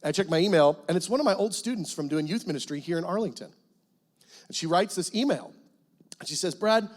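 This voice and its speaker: A middle-aged guest pastor telling a personal testimony in a church, animated storytelling that breaks into loud cries as he acts out prayers. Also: high voice. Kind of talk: sermon testimony. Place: church sanctuary.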